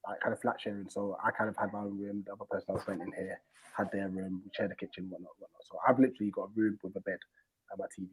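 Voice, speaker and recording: A man telling a long personal story in casual chat, animated and full of slang and fillers. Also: deep voice, rapid-fire, slightly rough, poor audio. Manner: animated, acts out quoted people in a raised voice. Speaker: stream host.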